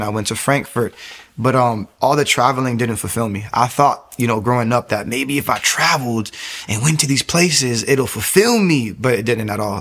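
A young man tells his own testimony in a loose, animated ramble. His pitch sits in the middle range, and he keeps restarting his sentences as he goes. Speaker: testimony speaker. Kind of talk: personal testimony.

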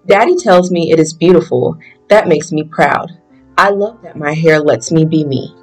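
A storybook reader taking on a child's first-person narration in a plain, mid-pitched voice. Faint music plays softly behind the reading. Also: normal speed, husky, rough recording. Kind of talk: reading a picture book aloud.

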